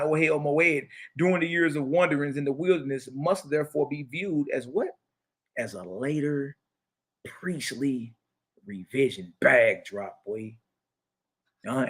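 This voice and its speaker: A man giving a mocking, slangy religious lecture, reading passages from a book aloud and riffing on them. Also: on the high side. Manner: mocking, preachy, slangy and lively, reads passages aloud then riffs. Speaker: teacher.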